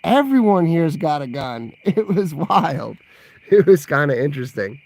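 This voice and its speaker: A man with a gravelly voice that sits a bit high answers viewer questions in a loose livestream chat. He rambles, laughs often and reacts to messages as they come in. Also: big pitch swings, unhurried, a little mellow, dry recording. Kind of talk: casual livestream Q&A.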